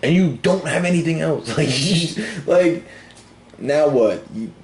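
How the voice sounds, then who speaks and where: A man's voice: fairly high pitch, expressive, a little slow, darkish tone, slight background noise. A young man co-hosting a casual sports podcast, rambling and telling stories with frequent laughs. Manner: rambling, laughs often, storytelling. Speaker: podcast co-host.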